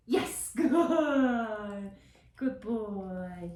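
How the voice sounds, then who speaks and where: A woman dog trainer explaining a puppy session, switching between calm explanation and high, bright praise for the dog. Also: normal speed, a little hiss or hum. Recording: echoey, from a distance.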